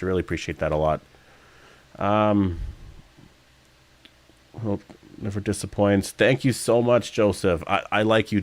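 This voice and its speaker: A man's voice: sits low, no room sound. A man chatting casually on a livestream Q&A, rambling through fillers and restarts, now and then yawning. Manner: rambling, chatty, frequent fillers and self-corrections; sometimes yawning mid-speech. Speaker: streamer reading live chat.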